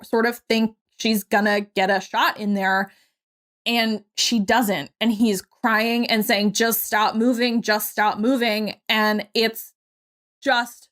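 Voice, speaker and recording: A young adult woman co-hosting a podcast, casually recapping a movie with lively quoted voices and the odd swear word. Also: a little high. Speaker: podcast co-host.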